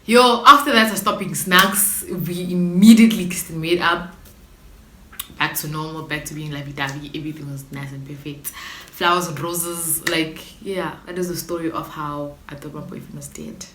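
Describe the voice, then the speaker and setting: A young woman with a South African accent tells a story to her vlog audience in a lowish voice, slangy and animated with sudden dramatic outbursts. The sound carries the echo of a bare room, with a faint hiss underneath. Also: normal speed. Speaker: YouTuber. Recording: echoey room with faint noise.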